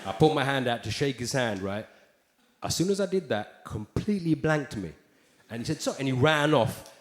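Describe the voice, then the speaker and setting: A stand-up comedian performs live on a theater stage, his mid-range voice lively in intonation and moderate in pace. His delivery is sardonic and conversational, with rhetorical asides, and the recording is roomy with ambient theater noise.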